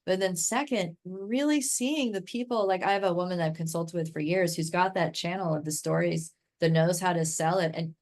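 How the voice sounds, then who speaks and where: Casting note: American woman, low-pitched speaking voice, chatty, enthusiastic podcast guest. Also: fairly even intonation, normal speed, few pauses, darkish tone. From United States. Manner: enthusiastic, talks in long chatty runs full of "like" and "right?". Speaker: guest expert in human design. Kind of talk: casual podcast interview.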